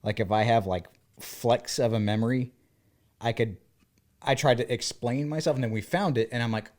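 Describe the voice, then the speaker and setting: A man in his thirties, from the American South, chats casually as a podcast co-host. His voice sits at an ordinary middle pitch. He tells stories with energy and acts out what each person said. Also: normal speed. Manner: animated storyteller who acts out quoted dialogue. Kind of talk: casual chat.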